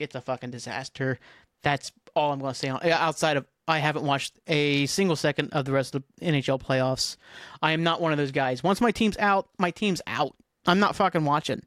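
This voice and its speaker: A man's voice: fairly high pitch, fairly bright tone, no echo, studio quality. Rambling, profane male podcast host. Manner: self-deprecating, profane, scattered. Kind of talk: rambling solo podcast chat.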